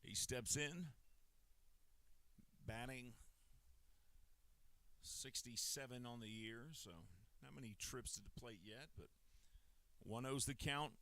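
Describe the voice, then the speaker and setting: A male play-by-play announcer calls a baseball game pitch by pitch in a steady, measured way. His voice is bright and forceful, slightly higher than most men's, with a crisp, smooth clarity and a dry, close sound. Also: dry recording. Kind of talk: live baseball commentary.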